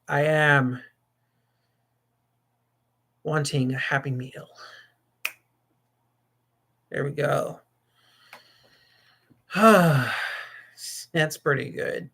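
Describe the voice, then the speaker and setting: Bright-voiced man hosting a livestream. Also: on the high side. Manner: rambling and jokey, with frequent laughs and restarts. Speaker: livestream host. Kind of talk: casual livestream chat.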